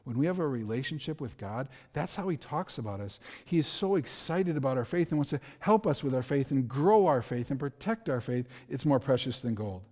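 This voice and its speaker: A man's voice: mid-range voice, animated, a little fast, few pauses, dark tone, in a large hall. A man preaching a sermon as a pastor, earnest and conversational, often repeating words as he starts a phrase.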